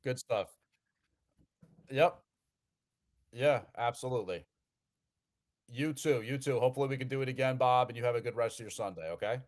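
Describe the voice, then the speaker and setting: A man's voice: medium pitch, moderate pace, pauses often. A man from New Jersey hosting a live call-in show, chatting casually and often repeating words as he restarts sentences.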